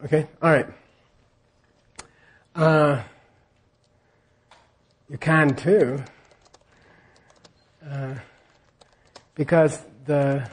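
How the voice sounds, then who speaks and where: A man's voice: a little high, steady tone, very slow, long pauses. A man teaching a class on scripture, leading the students in repeating lines and checking in with them again and again. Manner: leads call-and-response repetition.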